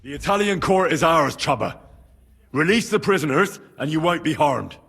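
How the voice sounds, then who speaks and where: A firm, earnest young hero in a video game. He makes his case with a husky yet bright voice and a lively pitch, and faint game music plays underneath. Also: normal speed, exaggerated voice. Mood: demanding. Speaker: protagonist. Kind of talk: video game cutscene dialogue.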